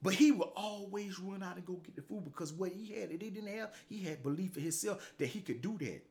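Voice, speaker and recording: A man's voice: high-pitched, fairly quick, darkish tone. A middle-aged man, hosting a motivational talk show, delivering a blunt, profane, preachy monologue that keeps tagging lines with "man".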